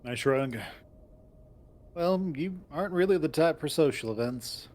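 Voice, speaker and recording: A man's voice: on the high side, lively intonation, a little slow, darkish tone. A man narrating a visual novel in the first person and voicing its lead, in a wry storytelling manner.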